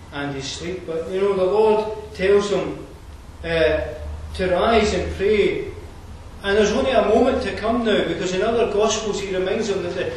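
A man's voice: high voice, slight background noise. A man from Scotland, preaching a sermon in an earnest, conversational way with asides and fillers. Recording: roomy distant hall mic.

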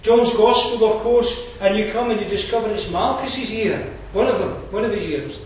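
A man's voice: sits high, moderate pace, darkish tone, a little hiss or hum. A man from Scotland, preaching a sermon in an earnest, conversational way with asides and fillers. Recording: roomy distant hall mic.

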